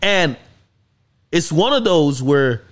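A man hosting a casual podcast, his voice a little higher than most men's. He tells the story with big swoops in pitch, climbing to excited highs, and swears freely as he goes. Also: takes it slowly. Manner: animated storytelling, swearing, rising to high excited peaks. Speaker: podcast host.

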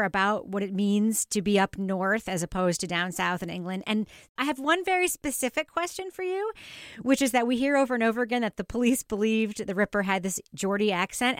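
Woman asking interview questions, curious and measured, crisp voice, dry sound. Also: medium pitch, a bit bright, no echo. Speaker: podcast interviewer.

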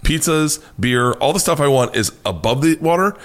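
An American man, a comedian guest, telling a wild story with lots of swearing and high-pitched acted-out quotes. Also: moderate pace. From United States. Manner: excitable, swears freely, acts out quotes in a high voice. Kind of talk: animated storytelling.

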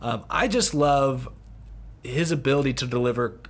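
A man's voice: mid-range voice, moderate pace. A man hosting a podcast, chatting casually about a film and steering the discussion with questions. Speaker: podcast host. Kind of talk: casual movie review chat.

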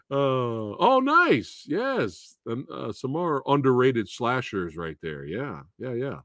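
A man hosting a casual movie review show, talking in an animated, profane and repetitive way and laughing often. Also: medium pitch, extremely slow, dry recording, clean studio sound.

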